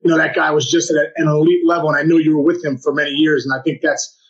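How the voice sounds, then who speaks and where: A man's voice: fairly high pitch, little pitch movement, quick pace, muffled recording. A man co-hosting a podcast as a baseball coach, talking with enthusiasm and lots of stumbling restarts. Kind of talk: casual podcast chat.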